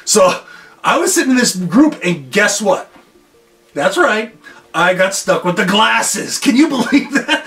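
A man's voice: sits high, sing-song, a little slow, sharp tone, recorded from a distance, soft background music. A middle-aged man, a school coach, telling students a story from his own life and acting out his reactions with big swings. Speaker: school coach giving a morning talk.

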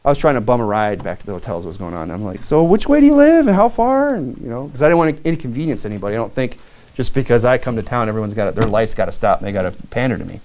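A man from Michigan preaching a sermon, animated, with many asides and acted-out quotes. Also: on the low side, very fast. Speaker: pastor.

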